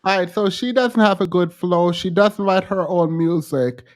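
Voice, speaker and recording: A man's voice: high-pitched, moderate pace. A man co-hosting a podcast, pressing his co-host with teasing, probing questions in casual chat.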